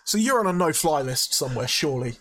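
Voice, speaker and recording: Dry, relaxed man, somewhat high. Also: quick pace, slight background noise. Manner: relaxed, hesitant with fillers, dry reactions. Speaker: podcast co-host. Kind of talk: casual chat, storytelling.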